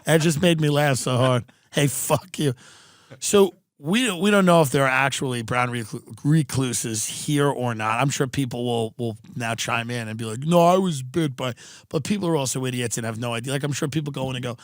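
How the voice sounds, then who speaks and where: A man's voice: mid-range voice, a little fast, hardly any pauses, no echo, studio quality. A man hosting a podcast, telling comedic stories with profanity and acting out the people he quotes. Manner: animated, profane, mimics people in quoted voices. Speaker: podcast host. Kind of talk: comedic storytelling chat. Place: Southern California.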